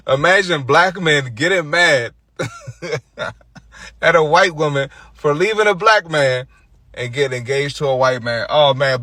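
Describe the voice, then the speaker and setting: Blunt, mocking man with a bright voice. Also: mid-range voice, no echo. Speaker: online commentator. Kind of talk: blunt social media rant.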